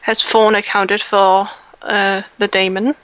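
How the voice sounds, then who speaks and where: A woman's voice: mid-range voice, little pitch movement, slow pace, a bit bright, smooth, no echo, rough recording. A woman playing a tabletop game, asking questions hesitantly and searching for words. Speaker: player. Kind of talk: casual tabletop play.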